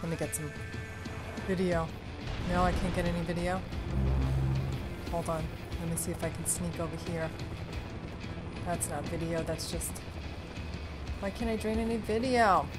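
A woman hosting casual let's-play commentary, excitable and swearing loudly at the game. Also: lowish voice, normal speed, long pauses. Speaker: gameplay host. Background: game music.

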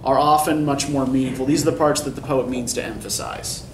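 A man's voice: mid-range voice, brisk. Lecturing man, echoey classroom from afar. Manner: explanatory, often checks in with "right?". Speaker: college English instructor. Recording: echoey classroom from far off, faint noise.

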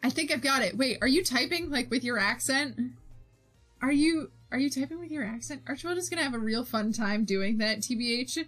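A woman's voice: sits high, a little fast, fairly bright tone, soft background music. A young woman streamer chatting casually with her viewers while she draws, giggling often and reading their messages aloud. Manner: giggly, reads chat aloud, bubbly. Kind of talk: casual chat while drawing.

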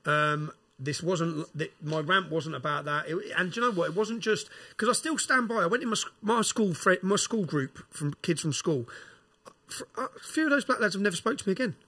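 A middle-aged man, a guest on a podcast, retelling events in a casual, animated way and acting out the voices of people he quotes. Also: high voice, brisk, slightly rough, no echo. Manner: animated retelling, acts out quoted exchanges, tags lines with "yeah?". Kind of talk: casual storytelling interview.

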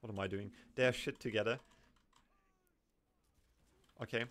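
Excitable young man commentating gameplay. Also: on the low side, measured pace, slight background noise. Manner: excitable, swings from muttering to yelping and laughing. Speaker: gaming commentator.

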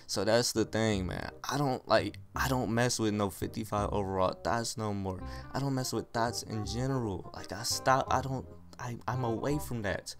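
Young male gaming vlogger, low voice, slangy and rambling, faint music underneath. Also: moderate pace. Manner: slangy, rambling, comic exaggeration. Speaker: gaming YouTuber. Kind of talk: casual storytime over gameplay.

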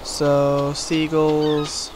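A young gameplay creator with a fairly high pitch draws out his words as he wanders through casual, filler-heavy let's-play commentary in a relaxed manner. His home recording is noisy in the background but has clear game music.

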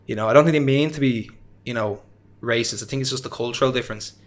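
A man's voice: medium pitch, fast talker. A young man with an Irish accent, a guest in an interview, telling his story in a rambling, chatty way. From Ireland. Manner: rambling, chatty, with frequent fillers and self-deprecating laughs. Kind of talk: casual conversational storytelling.

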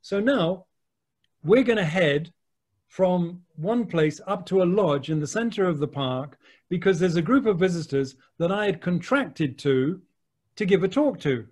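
An English man, a wildlife photographer, telling lively anecdotes with the odd mild swear word over a video call. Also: sits high, measured pace. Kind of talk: anecdotal storytelling.

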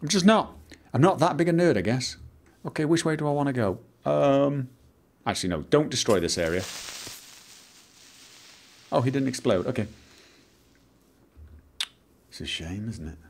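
A man's voice: mid-range voice, animated, moderate pace, pauses often, darkish tone, slight background noise. A man from Manchester with a Mancunian English accent, rambling theatrically while commentating a video game he plays. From Manchester, England. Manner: theatrical, exclaiming inflections. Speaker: Let's Play host.

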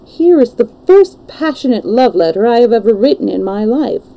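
A woman reading the part of an impulsive, anguished young English gentleman in a storybook, with emotional, pleading delivery. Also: a little high, sing-song, normal speed, creaky, poor audio. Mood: wistful.

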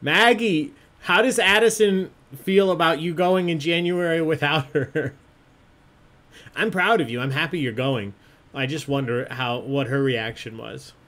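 A man's voice: on the high side, measured pace, fairly bright tone. A man hosting an online trivia game, chatty and jokey, often laughing as he reads out answers. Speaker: trivia host.

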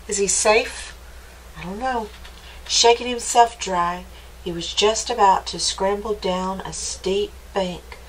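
A woman reading a picture book aloud to children for a library storytime, stopping often to ask them gentle, playful questions. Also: mid-range voice, a little hiss or hum, poor audio.

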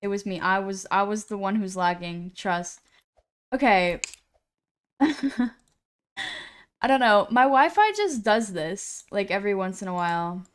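A woman's voice: medium pitch, expressive, slow, pauses often, smooth. A woman live-streaming a game, chatting casually to her viewers in a rambling, self-deprecating way into a computer mic.

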